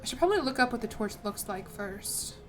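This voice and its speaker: A woman's voice: a little high, lively intonation, a little fast, fairly bright tone, faint music behind. A woman streaming a strategy game, reading the game text aloud, stumbling over words, swearing and chatting with lots of "like". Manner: chatty asides with frequent "like". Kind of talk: casual gameplay commentary.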